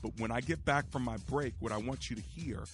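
A man's voice: mid-range voice, brisk, over music. A man hosting a faith-based call-in radio show, talking in an emphatic, preachy way and quoting scripture.

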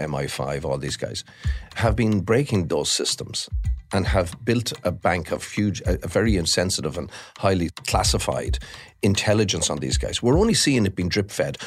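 Deep-voiced Irish man, emphatic. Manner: animated, emphatic with frequent restarts. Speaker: crime journalist guest. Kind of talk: podcast interview.

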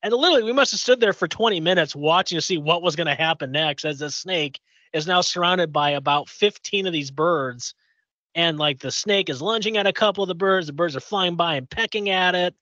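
A male podcast co-host from Indiana tells rambling stories in casual chat, his voice high, fairly quick, pushed and bright. He uses lots of fillers and restarts, and the recording is dry, dull and lo-fi with no echo.

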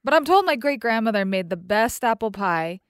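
A woman's voice: a little high, lively intonation, normal speed, clear, resonant tone, no room sound, clean studio sound. Easygoing woman co-host. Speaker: radio co-host. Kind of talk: casual studio chat.

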